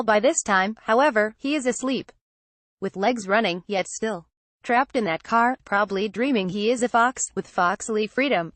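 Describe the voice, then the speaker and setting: A woman's voice: mid-range voice, no echo. A woman narrating an audiobook in an earnest, naive first-person storytelling manner.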